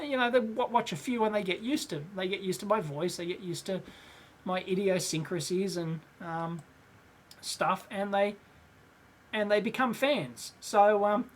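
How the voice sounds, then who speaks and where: A middle-aged Australian man hosting a casual live question-and-answer show, rambling with many fillers and frequent chuckles. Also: high voice. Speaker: host.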